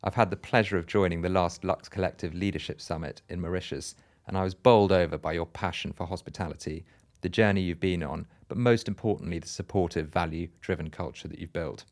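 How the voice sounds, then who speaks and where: A man's voice: low-pitched, a little fast. A man co-hosting a podcast interview, introducing his guest with effusive praise. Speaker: podcast co-host.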